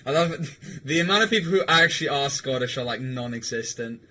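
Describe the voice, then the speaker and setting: A man's voice: mid-range voice, animated, moderate pace, sharp tone, slight background noise. A young man streaming a game, chatting casually with viewers and rambling, stammering and swearing. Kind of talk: casual livestream chat while gaming.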